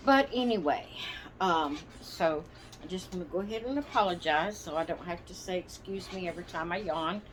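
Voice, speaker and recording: A woman whose voice is on the low side chats with her doll channel audience from a rocking chair at home. Slow and apologetic, she rambles and hesitates as she looks for words, with slight background noise in the clip.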